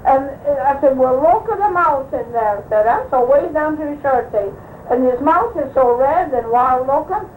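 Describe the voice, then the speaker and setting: Older woman, high voice, meandering storyteller who performs the dialogue; echoey archival room tape. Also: animated, moderate pace, darkish tone, slight background noise. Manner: rambling anecdotal telling, acting out quoted speech. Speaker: oral history interviewee. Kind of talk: recounting old personal stories.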